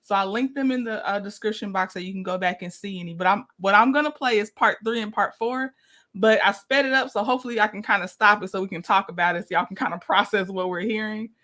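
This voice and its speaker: A woman's voice: mid-range voice, quick pace, bright, forceful tone. A woman hosting a casual livestream, chatting, laughing often and greeting viewers by name. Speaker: livestream host.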